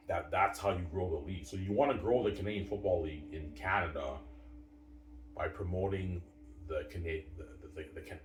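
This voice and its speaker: Man, low voice, rambling sports rant, repeats words, echoey room, faint background noise. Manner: repetitive, stammering restarts, calls listeners "man" and "guys". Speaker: sports commentator. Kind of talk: casual opinion rant to camera. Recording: roomy room, distant mic, faint ambient noise.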